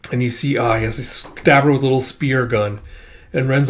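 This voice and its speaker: A man casually recapping a comic book, jumping into loud, animated voices for the characters and swearing now and then. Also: mid-range voice, brisk. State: dry throat from shouting.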